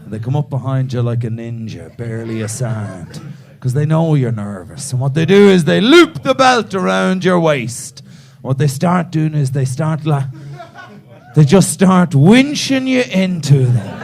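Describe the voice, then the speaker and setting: Stand-up comic, man, gravelly and a touch high, sweary, ribbing the crowd. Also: a little slow. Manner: swearing, animated, teasing an audience member. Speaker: stand-up comedian. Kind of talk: stand-up comedy crowd work. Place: comedy club stage.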